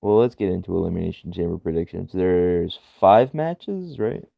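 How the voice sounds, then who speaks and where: Gravelly low-voiced podcast co-host. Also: male voice, big pitch swings, moderate pace, no room sound. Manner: wry, laughs often. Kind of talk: casual wrestling chat. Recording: dull lo-fi dry recording.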